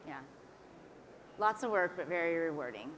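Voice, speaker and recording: A woman interviewer who asks short questions and gives brief, friendly prompts. Her voice is a little low. There is faint ambient noise behind her. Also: expressive, normal speed, a bit bright, rough recording. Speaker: interviewer, magazine editor.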